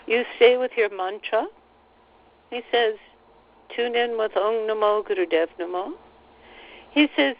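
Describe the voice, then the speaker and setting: A woman relaying channeled spiritual teachings on a recorded call, speaking slowly and gently and repeating phrases. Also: on the high side. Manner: slow, soothing, repeats phrases, relays quotes. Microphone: phone line on a teleconference call. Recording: slightly dull teleconference audio.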